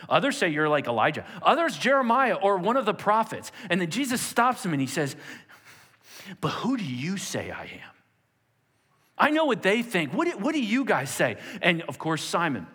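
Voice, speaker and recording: A man preaching with a lively, swooping delivery, his pitch a bit higher than most men's. His voice rings with the long reverb of a large hall. He acts out the quotes of the people he tells about with a lot of energy. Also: husky. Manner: animated, acting out quotes in a raised voice. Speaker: pastor. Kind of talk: sermon. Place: church sanctuary, nearly empty.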